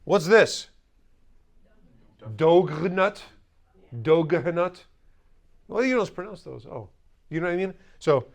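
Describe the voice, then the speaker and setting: A male language teacher giving a classroom lesson, blunt and teasing, leading the class in drills. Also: on the high side.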